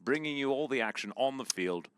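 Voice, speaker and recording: A man's voice: medium pitch, animated, a little fast, a bit bright, clear, resonant tone, dry recording. A man casting an esports match, mixing play-by-play with dry, mock-formal banter. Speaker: esports caster. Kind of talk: play-by-play commentary.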